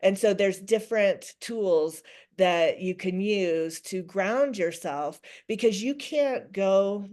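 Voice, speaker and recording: A woman's voice: mid-range voice, slow pace, darkish tone. A middle-aged woman speaking as a podcast guest, talking things through reflectively with frequent restarts. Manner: reflective, many restarts and quoted self-talk. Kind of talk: conversational interview.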